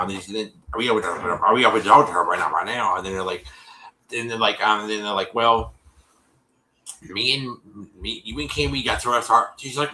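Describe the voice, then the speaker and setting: A man hosting a show, recapping an episode in casual chat, animated and full of fillers, with a cough. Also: fairly low pitch, fairly quick, echoey room, a little hiss or hum, rough recording. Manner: animated, lots of fillers and repeats, acts out quotes.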